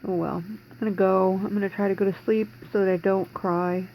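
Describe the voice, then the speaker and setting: A woman's voice: mid-range voice, steady tone, a little fast, creaky, highs cut off, a little hiss or hum. A woman in her forties talking in a rambling, distressed way in a personal video diary from home, holding back tears. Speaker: vlogger.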